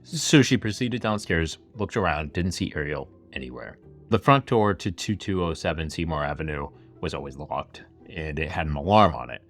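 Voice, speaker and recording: Male podcast host, very low voice, casual chatty true-crime retelling, faint music underneath. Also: lively intonation, moderate pace, a bit bright. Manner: chatty retelling full of "like" and asides. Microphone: camera-facing setup.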